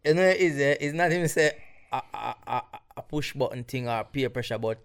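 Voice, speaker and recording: A man's voice: medium pitch, creaky, smooth. Hesitant man from Jamaica. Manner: hesitant, halting speech. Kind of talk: casual chat.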